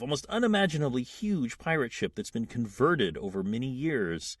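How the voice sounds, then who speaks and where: A man hosting a podcast who retells a comic book story as an animated storyteller, acting out the quotes. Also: mid-range voice, normal speed, few pauses, no echo, studio quality. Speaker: podcast host.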